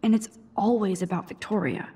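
A woman's voice: mid-range voice, a little fast, warm tone, husky, lightly acted. An actress voicing a dry, sardonic teenage girl student in a video game. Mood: wry. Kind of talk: game character dialogue.

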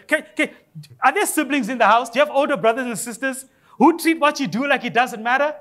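High-voiced preacher man, animated. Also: brisk. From Africa. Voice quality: high-pitched voice. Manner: animated preaching with rising exclamations and humor. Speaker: pastor. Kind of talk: sermon. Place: church.

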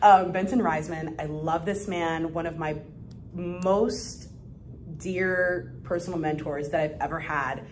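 A young adult woman speaks as an interview guest, with a voice pitched a little low for a woman. She talks in an animated, effusive way and breaks into laughter as she tells her stories. Faint noise hums behind her. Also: slow, rough recording. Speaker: guest entrepreneur. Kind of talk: casual interview chat.

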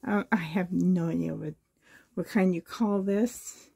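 Hoarse woman from Canada, gravelly husky voice, gushing unboxing vlog, slow delighted talk. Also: on the low side, steady tone, warm tone. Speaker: reborn doll collector vlogger.

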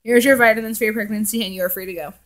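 A woman reading the lines of a hospital doctor, brisk and matter-of-fact. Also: medium pitch, fairly even intonation, natural voice.

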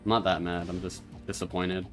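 Young man, deep voice, casual live speedrun commentary, mumbled asides, faint music behind. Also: little pitch movement, a little fast. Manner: quiet, mumbled asides with sudden loud frustrated swearing. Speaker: speedrunner streaming his run.

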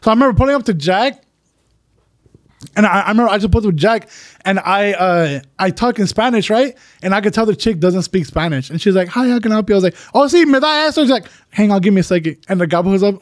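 A man with a notably high voice tells a rambling, self-mocking story at a quick clip. He talks in loose, casual banter. The recording sounds close and dry, as in a small podcast studio. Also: dry recording. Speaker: podcast co-host. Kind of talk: casual group chat.

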